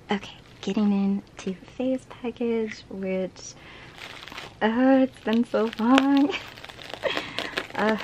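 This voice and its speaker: Gushing, excitable woman vlogger. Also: medium pitch, a little hiss or hum. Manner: gushing and excitable, laughs often; chatty, many fillers and tag questions. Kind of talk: casual haul chat.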